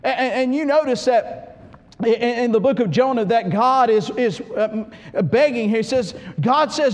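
A man preaching a sermon in a church, swinging from hushed to loud and often restarting his sentences. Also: very high-pitched, moderate pace, big-room sound. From United States. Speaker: pastor.

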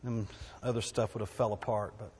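Folksy preacher in a reverberant hall. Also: male voice, fairly low pitch, fairly even intonation, brisk, darkish tone, slight background noise. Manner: conversational, folksy preaching with asides and repetitions. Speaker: pastor. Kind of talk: sermon.

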